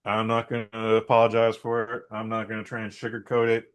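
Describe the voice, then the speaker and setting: A man's voice: on the low side, monotone, brisk. A man co-hosting a podcast, giving a blunt, rambling and opinionated movie review in a casual chat. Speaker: podcast co-host.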